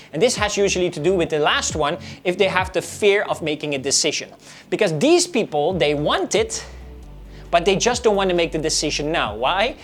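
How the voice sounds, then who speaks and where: A woman teaching real estate sales, acting out short client conversations as she explains. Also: fairly low pitch. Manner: lively, coaching, acts out both sides of sales conversations. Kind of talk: instructional talk with role-played client dialogue.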